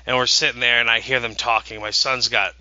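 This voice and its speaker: A man's voice: medium pitch, level tone, a little fast, sharp tone, no room sound, rough recording. A man in his thirties, a podcast co-host, telling a rambling, eager story with many restarts. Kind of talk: casual podcast chat.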